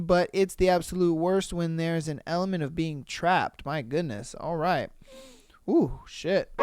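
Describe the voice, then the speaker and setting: A male podcast host reads listener stories and reacts with swearing and disbelief. His voice comes across smooth and clear on a close mic in a dry space with no room sound. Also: sits high, no room sound. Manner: profane, incredulous reactions with frequent laughter. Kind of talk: casual commentary reading listener stories.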